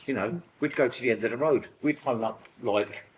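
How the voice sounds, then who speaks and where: Middle-aged british guy rambling fast through old stories at a support group, lots of "you know", faint room hiss behind. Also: mid-range voice, rough recording. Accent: British English. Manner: rambling, animated storytelling full of fillers and acted-out quotes. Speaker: recovery group member. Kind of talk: personal sharing in a support group.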